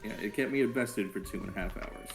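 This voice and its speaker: A man's voice: fairly low pitch, fast, music in the background. A man co-hosting a podcast in casual chat, swearing freely and rambling. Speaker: podcast co-host.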